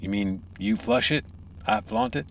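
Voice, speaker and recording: A man's voice: on the low side, moderate pace. A man hosting a comedy podcast, ranting in a profane, hammy, theatrical way. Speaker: podcast host.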